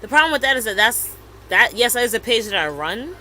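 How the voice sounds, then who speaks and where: A woman in her thirties with a bright, forceful voice chats casually on a podcast. She tells her story with lively, acted-out retellings of what others said, over a faint hiss of background noise. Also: fairly high pitch, brisk, poor audio. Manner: animated storytelling, acts out quoted messages. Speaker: podcast co-host. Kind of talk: casual chat.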